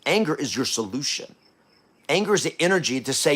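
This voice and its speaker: Male podcast host, fairly high voice, blunt preachy delivery, swings from hush to loud. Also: very animated, brisk, breathy edge. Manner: coarse language, blunt. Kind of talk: motivational talk.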